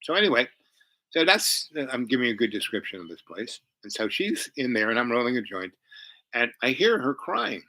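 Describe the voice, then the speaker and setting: A man rambling through a personal story, his voice very bright and his pitch jumping around animatedly. He piles on fillers and side remarks as he goes. The sound is dry and close, with no room echo. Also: sing-song, a little fast.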